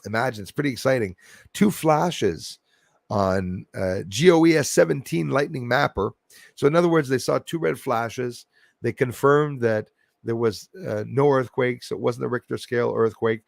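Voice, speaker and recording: A man's voice: mid-range voice, normal speed, creaky, no echo, clean studio sound. A man vlogging space news, reading headlines aloud and rambling into skeptical asides, often restarting his sentences.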